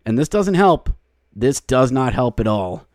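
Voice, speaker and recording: A male podcast host recapping a hockey game, slipping into excited play-by-play calls and shouting at the goals. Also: medium pitch, unhurried, no room sound, studio quality.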